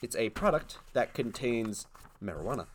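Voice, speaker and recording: A young man co-hosting a podcast, making dry deadpan jokes and hesitating with ums as he explains things. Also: medium pitch, moderate pace, a little hiss or hum. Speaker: podcast co-host. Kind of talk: casual comedic chat.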